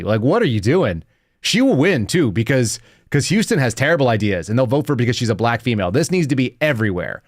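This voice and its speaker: A man in his thirties hosts a live podcast with blunt, mocking commentary, breaking into laughter between points. His voice sits at an ordinary middle pitch. The mic is close and the sound is dry, with no room around it. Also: dry recording. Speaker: podcast host.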